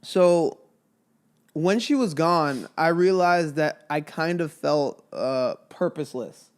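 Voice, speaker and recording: A young man co-hosting a married couple's podcast in casual chat, playful and earnest with quick asides. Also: fairly high pitch, expressive, clean tone. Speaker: podcast co-host.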